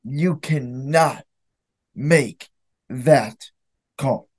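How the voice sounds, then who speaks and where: A man's voice: mid-range voice, drawn-out words, darkish tone. A young man hosting his own podcast, ranting with bitter, emphatic anger about his team's defeat. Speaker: podcast host. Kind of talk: solo sports reaction podcast.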